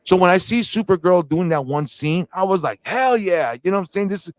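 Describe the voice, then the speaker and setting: A man co-hosting a casual movie review chat, excitable and laughing, acting out scenes as he talks. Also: high voice, brisk, no echo. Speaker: podcast co-host.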